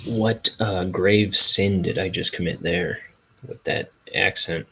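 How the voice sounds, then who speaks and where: Inking his graphic novel, a cartoonist chats casually and rambles, often poking fun at himself. His voice is low-pitched, slow and gravelly yet bright and forceful, with a steady tone and a breathy edge. The audio is poor.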